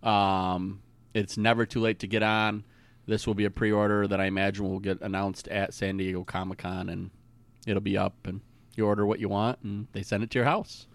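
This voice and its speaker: A man's voice: fairly low pitch, flat delivery, moderate pace, clear, resonant tone, dry recording. A man co-hosting a podcast, chatting casually and upbeat about new releases. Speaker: podcast co-host. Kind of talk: casual chat.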